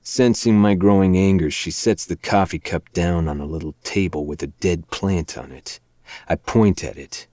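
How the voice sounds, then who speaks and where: A man with a very deep voice reads a novel aloud in a low, measured first-person narration. The recording is dry and close, with no room sound around him. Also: mellow, no echo. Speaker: podcast host. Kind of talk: audiobook-style narration of a dark romance novel.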